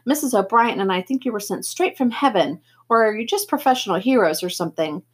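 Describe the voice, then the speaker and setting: A woman's voice: fairly high pitch, expressive, brisk, husky. A woman voicing a kindly grown man who reassures an injured boy, read aloud from a novel with a few slips. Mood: reassuring. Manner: gentle, reassuring, occasional slips.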